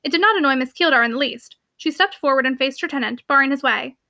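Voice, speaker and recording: A woman narrating a classic novel for her podcast, reading steadily and clearly. Her voice is high and bright, with a sharp, forward tone. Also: quick pace, no room sound. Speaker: podcast host and audiobook reader. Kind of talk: audiobook narration.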